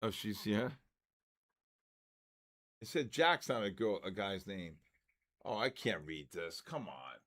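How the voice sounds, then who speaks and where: A man's voice: on the low side, animated, takes it slowly, long pauses, a bit bright. A man in his sixties hosting a trading livestream, joking and exasperated as he spells out viewer names letter by letter. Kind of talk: casual livestream chat, calling out viewer names.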